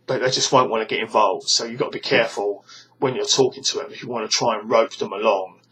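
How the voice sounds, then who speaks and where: Man, British accent, casual rant to camera, stammering restarts, exasperated, tense bright voice. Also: lowish voice, steady tone, fast talker, slightly rough, poor audio. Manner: rambling, with frequent stammered restarts; scornful, exasperated. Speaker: vlogger. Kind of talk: casual ranting monologue to camera.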